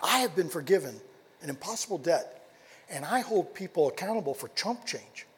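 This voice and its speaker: Male pastor, high husky voice, animated sermon delivery with rhetorical questions; long hall reverb. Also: moderate pace. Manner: animated storytelling, rhetorical questions, drops to quiet emphasis.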